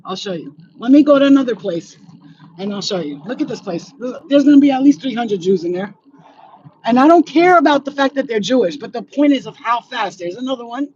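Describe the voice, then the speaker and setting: High-pitched woman ranting bluntly outdoors. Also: expressive, fairly quick, darkish tone, muffled recording, a little hiss or hum. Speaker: psychic medium. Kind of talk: ranting vlog. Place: outdoors in a residential neighborhood.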